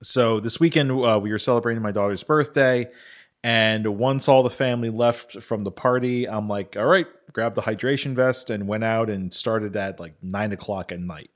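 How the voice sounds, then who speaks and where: A man's voice: on the low side, normal speed. A man co-hosting a podcast, telling a rambling story with plenty of "you know". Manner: chatty, rambling, many "you know" fillers. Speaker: podcast co-host. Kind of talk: casual chat.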